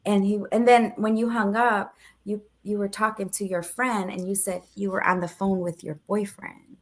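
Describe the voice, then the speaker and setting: Speaking at normal speed in a mid-range voice with a flat delivery, a thirty-something woman co-hosting a podcast relates something that happened to her. She acts out the dialogue in a relaxed way, with the occasional laugh.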